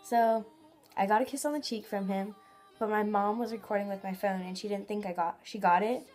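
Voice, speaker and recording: A woman's voice: mid-range voice, fairly even intonation, brisk, darkish tone, soft background music. A teenage girl telling a vlog story in a giddy, gushing way, full of "like" fillers. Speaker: vlogger.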